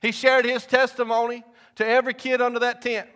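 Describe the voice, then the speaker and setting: High-voiced man preaching. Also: flat delivery, a little fast, clear, resonant tone. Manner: folksy storytelling, swings from loud to hushed. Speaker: pastor. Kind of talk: sermon testimony.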